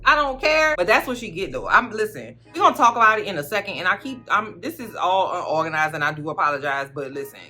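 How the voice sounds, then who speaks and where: A woman chatting through a TV recap in a slangy, rambling, animated way. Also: lowish voice, fast, hardly any pauses, soft background music. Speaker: recap vlogger. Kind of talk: casual TV recap chat.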